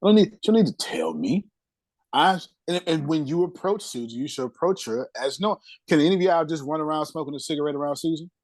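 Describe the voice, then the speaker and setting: Guy hosting a group chat, swoops up and down a lot, kinda husky, says stuff twice. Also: on the high side, fast talker, no echo, poor audio. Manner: animated, emphatic, repeats phrases, laughs often. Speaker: host and coach. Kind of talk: lively group talk.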